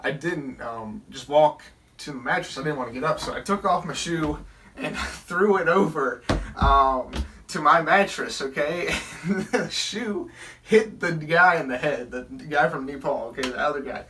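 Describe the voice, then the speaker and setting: Young man, bright voice, casual storytelling, rambling, a bit distant from the mic. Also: a little high, unhurried, a little hiss or hum. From Southern Virginia. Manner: rambling, many fillers and restarts.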